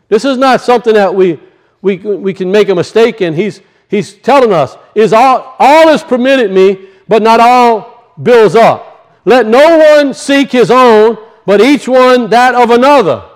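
A male pastor preaching a conversational sermon, acting out little voices and dropping low for asides.

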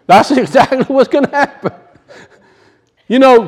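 A male pastor preaching a conversational sermon, acting out little voices and dropping low for asides. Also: animated, measured pace, pauses often.

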